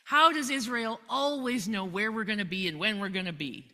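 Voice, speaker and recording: A woman's voice: medium pitch, moderate pace, bright, forceful tone, close to an everyday voice. A woman retelling a Bible story, voicing a frustrated enemy king who talks in brusque demands. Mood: demanding. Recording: long hall reverb.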